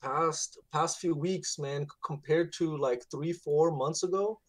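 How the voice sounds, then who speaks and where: A man's voice: fairly high pitch, a little slow, no echo. Man, channel moderator, casual stream chat, dry close sound. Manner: animated, emphatic, says "man" and "like" a lot.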